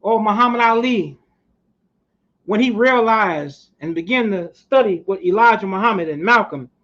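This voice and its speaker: A man's voice: sits high, expressive, normal speed, a bit bright. A man giving a fiery, preachy motivational speech, swearing now and then for emphasis. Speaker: speaker at a community society. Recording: muffled lo-fi recording.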